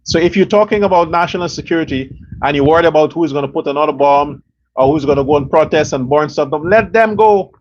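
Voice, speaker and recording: A man's voice: a little high, quick pace. A man hosting a political commentary show, ranting angrily with profanity, scorn and rhetorical questions. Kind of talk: angry political rant. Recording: dull lo-fi sound with faint noise.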